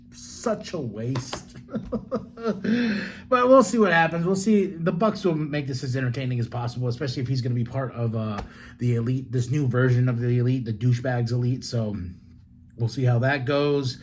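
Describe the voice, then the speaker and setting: A man hosts a solo wrestling podcast, running through the show in a loose, excitable recap full of swearing and quick asides. His voice sits somewhat high for a man, and a faint background hiss runs under the recording. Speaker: podcast host.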